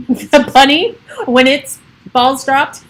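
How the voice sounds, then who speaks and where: A woman's voice: high voice, steady tone, slow pace, a bit bright, a little hiss or hum. A middle-aged woman chatting on a casual home livestream, giggly and wandering off topic. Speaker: realtor livestreaming to followers. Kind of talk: rambling casual livestream chat.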